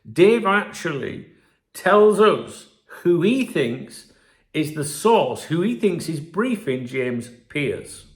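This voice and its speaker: Animated man commenting, echoey room. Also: fairly high pitch. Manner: animated, conversational, frequent "right?" check-ins. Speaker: channel host. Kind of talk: casual commentary reading out analysis.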